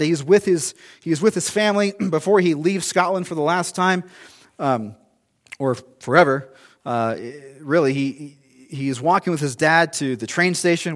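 A male pastor preaching a sermon in a conversational, storytelling way, with asides and restarts. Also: on the high side.

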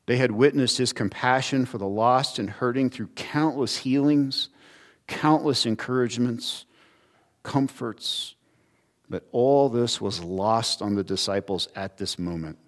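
An earnest man delivers a sermon in a plain, mid-pitched voice. He teaches steadily, then lifts his voice and slows on the words he wants to stress. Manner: earnest teaching with emphatic rises, occasional restarts. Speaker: pastor.

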